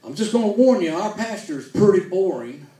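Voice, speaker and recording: A man voicing a polite church usher, speaking a little higher than his own voice. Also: sing-song, brisk, mellow, roomy sound, distant mic, low-quality recording.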